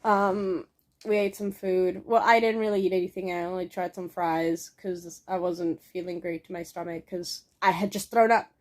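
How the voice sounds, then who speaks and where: A woman's voice: lowish voice, fairly even intonation, normal speed. A young adult woman telling a casual story in a vlog, rambling with many fillers and swearing now and then. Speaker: vlogger.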